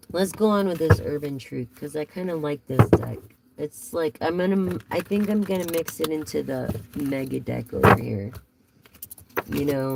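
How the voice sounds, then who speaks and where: A woman's voice: low voice, creaky, heavy background noise. A woman giving a casual live tarot reading, chatty and rambling as she talks straight to her viewers. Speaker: tarot reader.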